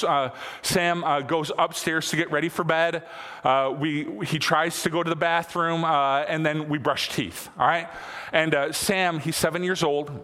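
A man in his thirties preaching a sermon in a church, talking conversationally, repeating phrases for emphasis and climbing to excited peaks. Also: on the high side. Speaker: pastor. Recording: long hall reverb.

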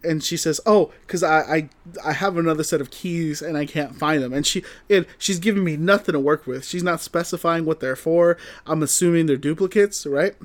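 A man's voice: on the high side, normal speed, hardly any pauses. A young man casually telling a long, funny story, acting out the quoted lines, swearing and laughing as he goes. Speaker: podcast co-host telling a story.

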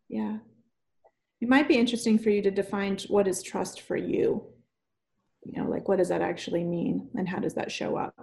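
A woman's voice: medium pitch, creaky, warm tone. A woman hosting a podcast in casual chat, enthusiastic and affirming, gushing over her guest. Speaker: podcast host.

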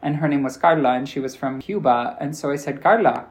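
A man's voice: mid-range voice, fairly even intonation, brisk. A man with an American accent, a professor answering interview questions in a loose, chatty way, full of "like" fillers and acted-out dialogue. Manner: chatty storyteller, acts out quoted dialogue, many "like" fillers. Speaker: interview guest, linguistics professor.

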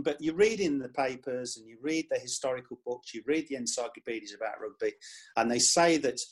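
A man who is a club historian, telling lively anecdotes in a podcast chat. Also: a little high.

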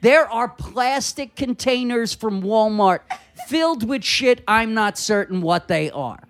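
A man spins a long, crude anecdote on a comedy podcast. He talks casually and acts out every line of dialogue, swinging between mutters and loud outbursts. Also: high voice, unhurried, a little hiss or hum. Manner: animated, profane, acts out dialogue. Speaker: comedian guest.

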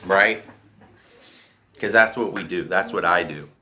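A man's voice: deep voice, a little slow, bright, forceful tone. A man telling his recovery story in a candid, profane way, often checking in with "right?". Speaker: speaker sharing a recovery story. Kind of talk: personal storytelling.

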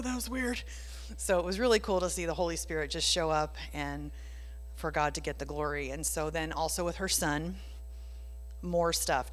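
A woman sharing a casual faith testimony, telling it with animation and dropping into whispers for emphasis. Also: sits low. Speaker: Christian speaker sharing a testimony. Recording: long reverb.

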